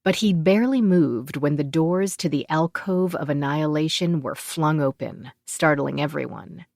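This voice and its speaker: A woman narrating a fantasy audiobook in an even, measured storytelling manner. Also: deep voice, creaky, dry recording, studio quality. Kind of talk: scripted narration.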